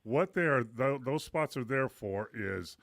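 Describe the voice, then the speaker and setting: A man's voice: medium pitch, animated, unhurried, vocal fry, fairly bright tone, no echo. An older man, a former pro player, joining a sports radio talk show as a guest and talking in a laid-back way with frequent chuckles. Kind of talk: casual sports radio chat.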